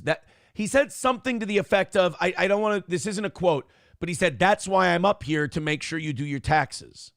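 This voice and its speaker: Male morning show host with a slightly high voice, dry close recording, rambling and swearing as he tells a story. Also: dry recording. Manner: profane, rambling, acts out quotes in other voices. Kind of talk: casual storytelling monologue.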